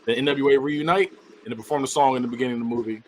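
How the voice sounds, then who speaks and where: A man on a podcast, casually recapping a movie plot in an animated way and acting out the characters' lines with bursts of laughter. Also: medium pitch, racing, slight background noise. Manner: animated retelling, acts out characters, laughs often. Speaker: podcast host.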